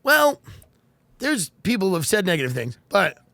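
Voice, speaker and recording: A man's voice: sits high, big pitch swings, normal speed, sharp tone, no echo. A man hosting a podcast, reading news aloud and riffing on it with sarcastic, mock-earnest comedy. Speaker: podcast host.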